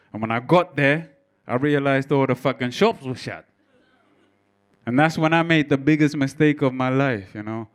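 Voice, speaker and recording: A man's voice: mid-range voice, clear, resonant tone. A man doing a stand-up comedy set, telling a story in a brash, profane way and bantering with the crowd. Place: comedy club stage before a live audience.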